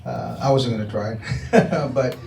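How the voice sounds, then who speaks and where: A man's voice: mid-range voice, normal speed, vocal fry, darkish tone. A man speaks from the audience with light jokes and lots of hesitation. He is heard at a distance in an echoey room with faint background noise. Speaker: audience member.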